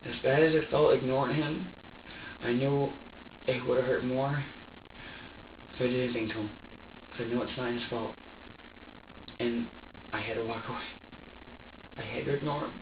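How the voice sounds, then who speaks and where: A man being questioned as a suspect, recounting events in an agitated, profane, halting way, distressed and near tears. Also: mid-range voice, fairly even intonation, noisy background. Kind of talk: emotional recounting under questioning. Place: police interview room. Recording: echoey, distant, dull room recording.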